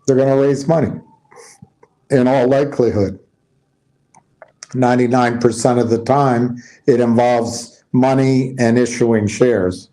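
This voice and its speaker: Male commentator, slow and laid-back, reads headlines and riffs on them, restarts sentences freely. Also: medium pitch, fairly even intonation, warm tone, poor audio. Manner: musing, reads headlines aloud and explains them; loose, restarting sentences, tired and yawning. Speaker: stock commentator. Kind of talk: casual market commentary.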